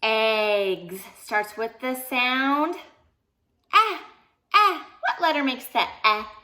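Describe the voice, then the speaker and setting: A young woman with a high, bright voice leads a children's phonics lesson. She talks slowly and playfully, breaking into short sung lines as she sounds out letters. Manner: playful, animated, sings short song lines. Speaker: teacher.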